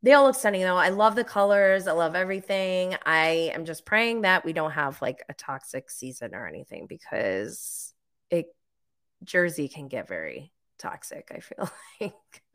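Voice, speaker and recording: A woman talks through a live recap in a loose, chatty way, leaning on "like" and "um". Her voice sits a bit low but has a bright, forceful edge. She gets animated and squeaks up high when quoting herself. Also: normal speed. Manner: chatty, filler-heavy, lots of "like". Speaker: live show host recapping reality TV. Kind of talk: casual live-stream chat.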